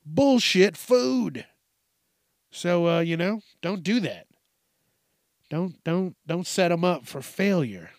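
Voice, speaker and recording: A man's voice: animated, slow pace, pauses often, no echo. Profane rambling man, dry close sound. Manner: profane, rambling, jokey, puts on squeaky voices for kids. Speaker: news commentary host. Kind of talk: casual comedic commentary. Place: home room at a desk.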